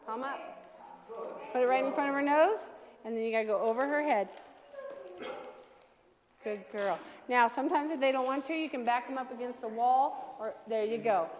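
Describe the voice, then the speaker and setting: Woman, dog trainer, high voice, brisk direct coaching, long reverberant room. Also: darkish tone. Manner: brisk coaching, gives direct commands to owners and dogs. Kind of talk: hands-on class instruction.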